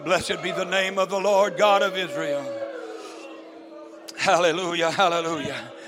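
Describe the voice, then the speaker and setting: An older man, a preacher, giving a fervent sermon testimony, peppered with amens and rising to shouts. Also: sits high.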